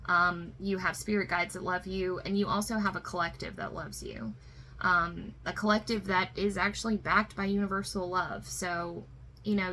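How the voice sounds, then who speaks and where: A woman's voice: fairly low pitch, pushed and bright, a little hiss or hum, poor audio. A woman giving a spiritual tarot reading to viewers, emotional and reassuring, often fighting back tears, with many fillers. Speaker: tarot reader.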